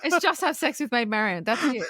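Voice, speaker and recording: Animated woman retelling a movie. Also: on the high side, fairly quick, no room sound, studio quality. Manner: animated retelling, laughs often, quotes characters. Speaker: podcast co-host. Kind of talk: casual movie recap chat.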